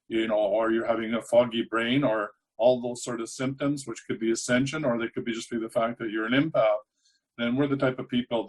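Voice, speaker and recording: A man's voice: medium pitch, rough recording. Guy hosting a chat show, rambles through his questions, plain mid voice. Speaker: podcast host. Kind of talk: casual interview chat.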